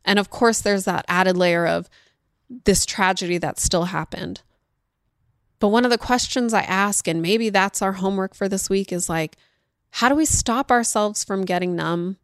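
A woman's voice: mid-range voice, moderate pace, smooth, no echo, clean studio sound. A woman hosting a podcast, talking on her own in an earnest, emotional way and speeding up when she retells tense moments. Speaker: podcast host. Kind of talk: reflective solo talk.

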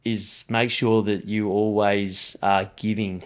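A young Australian man talking energetically as a podcast guest, saying mate often. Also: on the low side. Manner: energetic, talks fast, says mate often. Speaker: podcast guest, strength and conditioning coach. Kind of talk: casual interview chat.

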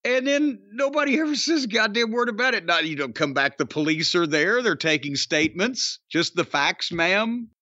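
An older man hosts a casual wrestling review podcast, ranting with profanity and sarcastic rhetorical questions. His high voice is bright and forceful, a little fast with few pauses. The podcast audio is dry with no room sound and slightly dull.

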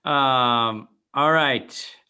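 A man's voice: medium pitch, very slow, bright, forceful tone, smooth. A man hosting a casual podcast chat, quizzing his co-hosts with a wry tone. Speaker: podcast host. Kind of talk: casual chat, quiz questions.

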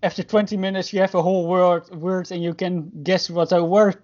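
A man's voice: high voice, flat delivery, a little fast, a little mellow. A Dutch man and musician guest in casual chat, laughing often and restarting his sentences. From Netherlands. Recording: dull lo-fi sound.

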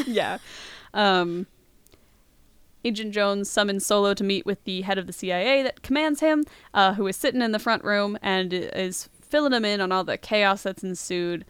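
A woman's voice: mid-range voice, normal speed, clear, resonant tone, dry recording. A woman hosting a podcast, casually retelling a movie plot in a chatty way, laughing now and then. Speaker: podcast host.

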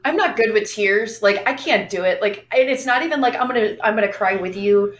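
A woman's voice: mid-range voice, fairly quick, roomy sound, low-quality recording. A woman co-hosting a podcast, telling stories in casual chat and acting out the lines of the people in them. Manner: animated, acts out quoted dialogue. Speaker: podcast co-host.

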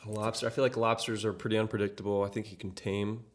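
Casting: young male guest, relaxed, lowish voice, thinks aloud. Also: fast, slight background noise. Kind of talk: casual chat.

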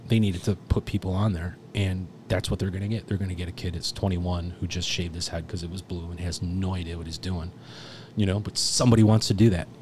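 A man's voice: deep voice, flat delivery, brisk, darkish tone, a little hiss or hum. A man in his thirties, a firefighter guest telling a story in a loose, profane, rambling way and laughing often. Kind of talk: casual storytelling.

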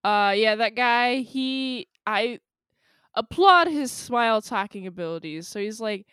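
Smooth-voiced woman on a podcast. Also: on the high side, unhurried, no room sound, studio quality. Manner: animated, acts out characters' lines. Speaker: podcast guest. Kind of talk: casual chat.

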